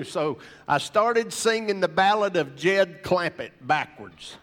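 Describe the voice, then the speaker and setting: A preacher tells his testimony to a room of men, earnest and animated as a storyteller. His voice sits a bit high for a man, and a long hall reverb trails every phrase. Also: unhurried. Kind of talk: sermon with personal testimony.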